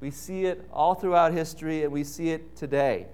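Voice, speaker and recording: A man preaching a sermon with slow, emphatic delivery and dramatic pauses. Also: fairly high pitch, darkish tone, clear, resonant tone. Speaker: pastor.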